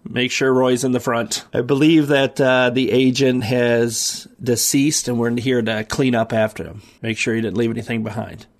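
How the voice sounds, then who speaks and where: A man's voice: medium pitch, steady tone, normal speed, hardly any pauses. Man joking through a tabletop game. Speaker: player. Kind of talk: tabletop role-play banter.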